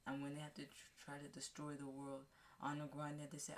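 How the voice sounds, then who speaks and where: A woman vlogger casually recapping a movie, rambling with halting restarts and fillers. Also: deep voice, completely flat delivery. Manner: acts out characters' lines in a raised voice.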